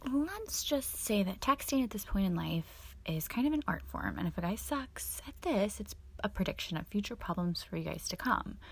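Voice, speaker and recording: Sassy, profane young woman with lively pitch. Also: normal speed, gravelly, few pauses, husky. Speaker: host. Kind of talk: scripted comedic monologue.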